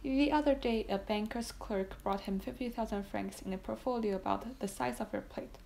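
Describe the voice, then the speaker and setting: A woman's voice: a little high, normal speed, creaky, dark tone, a little hiss or hum. A woman reading a classic novel aloud as audiobook narration, voicing the dialogue in much the same voice, with small slips. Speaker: audiobook reader.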